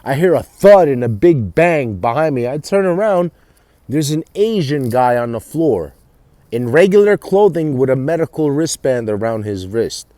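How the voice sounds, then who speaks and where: Swearing man with a lively pitch. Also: moderate pace, dry recording. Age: adult with children. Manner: rambling, heavy swearing, frequent restarts. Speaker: vlogger. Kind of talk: casual monologue.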